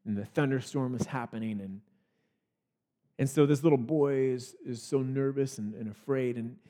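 A man preaching a sermon as pastor, in a relaxed conversational way with frequent restarts and small laughs. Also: medium pitch, moderate pace.

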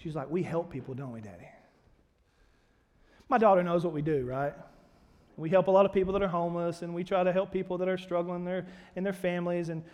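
A male pastor preaches quickly in a high, clear, resonant voice with fairly even intonation, moving from storytelling to loud, emphatic delivery. His words echo through a reverberant church hall over soft music, and the highs are cut off.

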